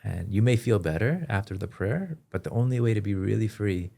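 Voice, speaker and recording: A man as a podcast guest, telling his personal story in an earnest, halting way with frequent restarts. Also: fairly low pitch, lively intonation, creaky, mellow. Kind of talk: personal testimony in an interview.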